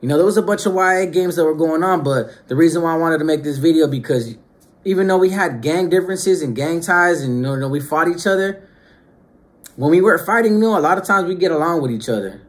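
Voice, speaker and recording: In an animated, fairly quick, higher voice, a Northern California man tells the camera stories of his younger days. His street slang swings between quiet asides and sudden raised bursts.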